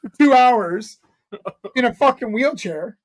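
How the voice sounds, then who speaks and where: A Canadian man co-hosting a podcast in a high voice. He trips over his words with repeated starts and swears bluntly. His talk is loose and joking. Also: animated, unhurried. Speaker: podcast co-host. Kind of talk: casual podcast chat.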